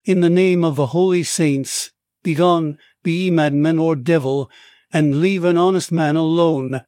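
A man's voice: on the high side, steady tone, measured pace, darkish tone, no echo, studio quality, natural voice. A man reading an audiobook, voicing a burly, drunken longshoreman with a thick Irish brogue who stammers in fright. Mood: fearful. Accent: Irish brogue (put on). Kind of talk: audiobook character voice.

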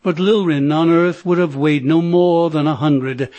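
Male audiobook narrator, steady measured read, slightly high voice. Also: dry recording, highs cut off. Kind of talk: scripted narration.

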